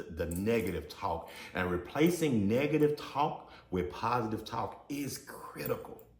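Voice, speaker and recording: A man hosting a podcast, giving a motivational self-help talk. He preaches, keeps calling his listeners y'all and builds to emphatic peaks. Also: deep voice. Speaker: podcast host. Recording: echoey room.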